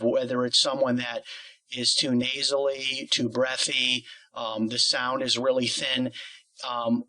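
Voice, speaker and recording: A man's voice: mid-range voice, rough recording. A man interviewing a singing teacher, explaining ideas at length with plenty of qualifiers and asides. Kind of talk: conversational interview.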